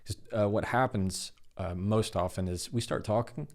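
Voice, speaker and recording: A man's voice: fairly low pitch, moderate pace. A man, a podcast guest, explaining how to handle difficult conversations and acting out bits of dialogue as he goes. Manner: animated, acts out dialogue in quoted voices. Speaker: guest, communication expert. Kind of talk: conversational explanation with acted examples.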